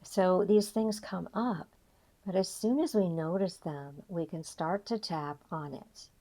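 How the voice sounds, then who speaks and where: An older woman coaching an emotional tapping session, reflective and gently guiding, with frequent pauses. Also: lowish voice. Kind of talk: guided tapping session talk.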